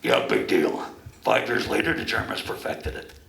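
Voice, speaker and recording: A man doing the voice of a crude, wisecracking male ventriloquist puppet in a stand-up comedy act, heckling with bawdy punchlines in a gravelly voice. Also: fairly low pitch, sing-song, moderate pace, crowd noise, pitched below the performer's own voice, heavily acted. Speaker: ventriloquist's dummy. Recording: echoey club from far off.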